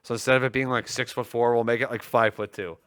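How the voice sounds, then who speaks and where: A man's voice: medium pitch, fairly even intonation, fast, a bit bright, clean tone, dry recording, clean studio sound. A young man co-hosting a tech livestream, chatting casually with teasing, joking banter.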